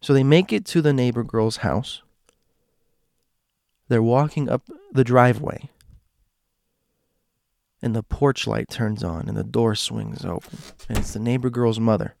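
A man telling a story casually, slowing and dropping to a hush at suspenseful moments with dramatic pauses. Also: mid-range voice, gravelly, no room sound.

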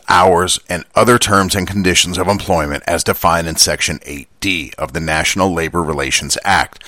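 A man putting on a gruff, weighty voice to read out formal contract text. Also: sits low, pushed and bright, no room sound, studio quality. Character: gruff, gravelly adult male voice reading formal text.

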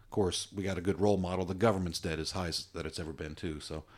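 A man's voice: sits low, steady tone, fast, a little mellow. A man co-hosting a podcast, chatting casually in a joking, rambling, easygoing way. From Virginia. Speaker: podcast co-host. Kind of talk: casual chat.

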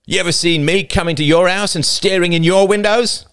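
A man's voice: mid-range voice, huge pitch swings, a little slow, fairly bright tone, clear, resonant tone, no echo, studio quality, voice pushed up, full character voice. A man doing a lisping, menacing younger boy. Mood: angry. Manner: easy-going tone with a threatening edge. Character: menacing younger teenage boy with a slight lisp.

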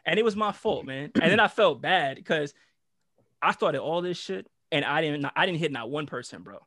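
Animated young man telling a story. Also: normal speed, no echo, clean studio sound. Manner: animated, slangy, acts out quotes with shifting pitch. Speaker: storyteller guest. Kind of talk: casual podcast storytelling.

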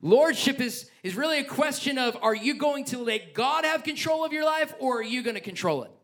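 Pastor preaching, higher voice, bright and sharp, gets passionate and jokey. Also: male voice, animated, a little fast. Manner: passionate, joking asides, reads scripture aloud. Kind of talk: sermon.

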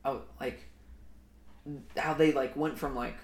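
A young man co-hosting a podcast tells a story in a rambling, profane way, full of fillers. His medium-pitched voice is steady and slow. The recording has an echoey room and faint noise.

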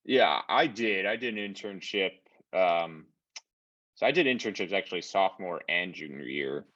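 A man's voice: deep voice, moderate pace, dull audio. A young man, a podcast co-host and former college athlete, telling anecdotes in casual conversation with many restarts. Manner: animated anecdotes with frequent restarts.

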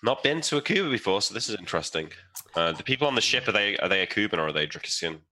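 A man's voice: fairly low pitch, sing-song, rapid-fire, sharp tone. A man who chats wryly as a player in a tabletop role-playing game. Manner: chatty, wry, swears. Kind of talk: casual tabletop play.

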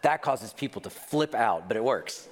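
Middle-aged male pastor, animated storyteller, reverb of a large hall. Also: mid-range voice, normal speed, background noise. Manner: animated storytelling, self-deprecating humor. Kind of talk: sermon.

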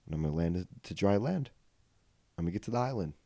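A man hosting a podcast, telling a comedic story in casual chat. He swears freely, laughs as he goes, and swings from low mutters to loud outbursts on a studio mic. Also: quick pace, vocal fry, dry recording. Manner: animated, swings from mutters to yelling. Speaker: podcast host.

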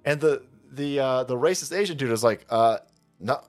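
A man's voice: mid-range voice, brisk, soft background music. A man hosting a reaction video, delivering a profane, mocking comedic rant. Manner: mocking, sarcastic, swears constantly.

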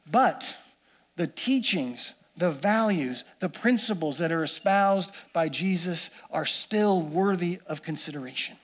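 A man's voice: on the high side, expressive, measured pace. A man preaching a sermon, earnest and building emphasis by repeating phrases. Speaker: pastor.

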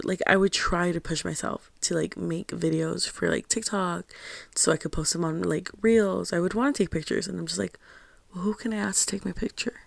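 A young woman hosting her own show, telling a personal story in a candid, confiding way, with a steady stream of "like". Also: fairly low pitch, creaky, no room sound. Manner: candid and confiding, heavy use of "like". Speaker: podcast host.

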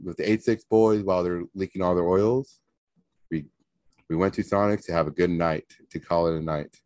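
A man telling a story on a podcast, animated and profane, often laughing. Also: sits low, moderate pace, dry recording, clean studio sound. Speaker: podcast co-host. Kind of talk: casual storytelling.

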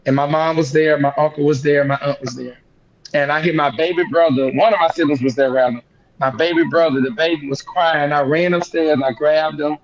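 A young man, an interview guest telling a painful family story in casual conversation, animated and emotional as he acts out the dialogue. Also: fairly high pitch, a little fast. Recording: dull lo-fi sound.

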